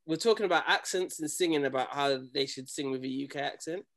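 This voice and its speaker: A young man tells stories in a loose, slangy, animated way. His voice sits a little high for a man. It is a casual chat between friends. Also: quick pace. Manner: animated storytelling, slangy, acts out quoted people.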